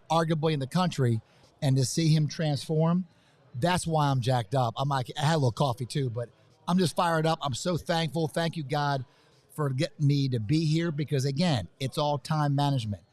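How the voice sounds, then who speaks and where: A fired-up man speaks in a slightly high voice, rambling and repeating himself. He is a guest at a live interview set up in a hotel conference venue. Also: normal speed, darkish tone, no echo. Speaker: event guest. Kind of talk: excited live interview chat.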